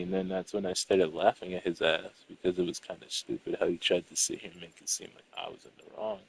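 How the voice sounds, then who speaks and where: A man's voice: low voice, animated, fairly quick, gravelly, a bit bright, slight background noise, poor audio. Irritated, foul-mouthed young man ranting. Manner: profane, rambling, irritated. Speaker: storyteller venting to a friend. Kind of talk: casual rant.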